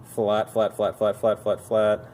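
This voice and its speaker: Slow, monotone, and fairly low-pitched, this young man's darkish voice comes with a little hiss or hum. A bike shop mechanic and video host, he casually walks through old bike parts show-and-tell style, tired and dryly self-mocking.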